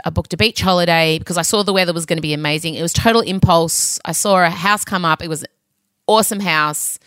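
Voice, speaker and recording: A woman in her thirties spins a story with dramatic flair and dry humor, her voice swinging up and down in pitch. The recording is close and dry, with no room sound. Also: a bit bright, dry recording. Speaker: podcast co-host. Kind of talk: casual storytelling chat.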